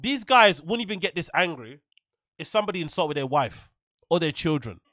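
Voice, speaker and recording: A man's voice: fairly high pitch, big pitch swings, a little fast, bright, forceful tone, no room sound, studio quality. A man giving sarcastic, swearing reaction commentary on his stream. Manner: sarcastic, swearing, laughing often.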